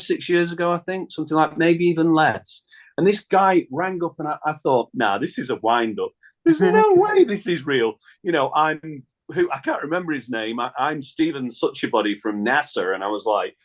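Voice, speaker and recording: A middle-aged man, a singer telling a lively anecdote in a radio interview and laughing often. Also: on the high side. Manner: chatty storyteller, laughs often, acts out phone calls. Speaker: guest singer. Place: radio studio.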